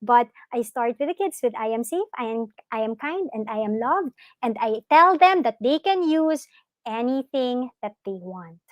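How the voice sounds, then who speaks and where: A woman with a fairly high voice leads a live online talk for parents on mindfulness and yoga. She speaks in a gentle, encouraging way and often asks her listeners questions. Her voice is recorded close and dry, with no room sound. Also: animated, normal speed, dry recording.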